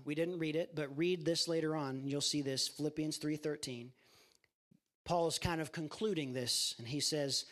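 A man preaching an impassioned sermon to a campus ministry, speaking directly to his listeners. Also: on the high side. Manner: impassioned, addresses listeners as guys.

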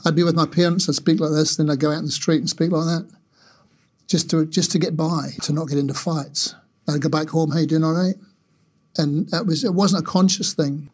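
A man's voice: a little high, fairly even intonation, fairly quick, slightly rough. A man talking casually and reflectively in an interview, with conversational fillers.

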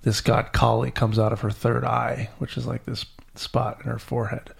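A man hosting a podcast, retelling a myth to a child in an animated, storytelling way. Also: medium pitch, moderate pace, gravelly, slightly rough. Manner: animated storyteller, acting out characters. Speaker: podcast host.

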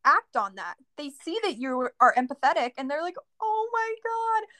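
A young woman co-hosting a podcast in casual chat, animated and swearing freely. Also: high voice, brisk, no echo, studio quality. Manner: animated, swears, laughs often. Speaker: podcast co-host.

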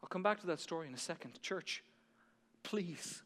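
A male pastor preaching a sermon to his church, building to near shouting and then dropping to soft, intense passages. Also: sits high, animated, moderate pace, long reverb tail.

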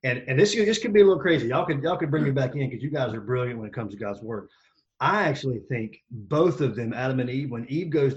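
A man in his thirties talking as a podcast guest, energetic and joking as he tells stories. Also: medium pitch, brisk, lo-fi sound. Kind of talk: casual podcast conversation.

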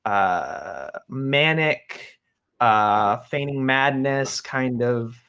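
A man's voice: medium pitch, lively intonation, very slow, creaky, fairly bright tone, smooth. A man co-hosting a podcast, talking through a film review thoughtfully, with many fillers and restarts. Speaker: podcast co-host. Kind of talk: casual film review chat.

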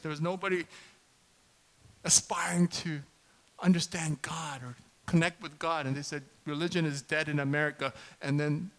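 A man in his fifties preaching a sermon as pastor, conversational and animated, often asking the congregation questions. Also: fairly high pitch, low-quality recording. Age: 50s.

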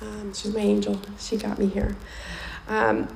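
This woman's mid-range voice is monotone, creaky and darkish, delivered at a measured pace. Speaking candidly and emotionally at a recovery meeting, she shares her personal story and repeats phrases to add weight. The recording has an echoey room and faint background noise.

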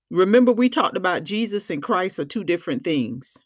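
A lively, swooping voice with a dry, close sound. This co-host in a casual Bible study chat reads scripture aloud and comments on it with animation. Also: medium pitch, brisk, hardly any pauses, dry recording. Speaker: podcast co-host.

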